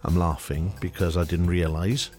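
A middle-aged man with a very low, deep voice, talking into a studio microphone as a radio DJ. He chats casually and jokily, chuckling as he reads out a quiz, while faint music plays underneath. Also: flat delivery, normal speed, a little mellow. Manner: chatty, jokey, chuckling.

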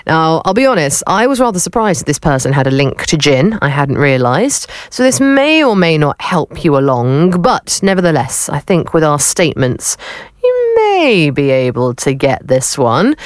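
Woman radio presenter, chatty and upbeat, lowish smooth voice, dry studio sound. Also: unhurried, no room sound. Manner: chatty and upbeat, lively delivery. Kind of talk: radio show chat, hosting a quiz. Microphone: studio microphone.

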